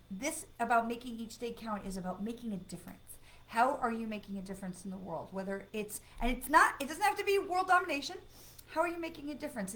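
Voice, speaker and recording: A woman's voice: a little high, a bit bright, a little hiss or hum. A woman reading cards on a live stream in a chatty, encouraging way, breaking off now and then to ban spammers. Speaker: psychic medium doing live card readings.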